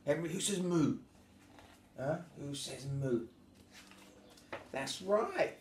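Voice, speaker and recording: A man reads a picture book to his young children at a very slow, patient pace, his voice sitting a little higher than most men's. He slips into sing-song animal noises as he goes. The room is echoey, with faint background ambience. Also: animated, a little hiss or hum. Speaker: father reading to his children.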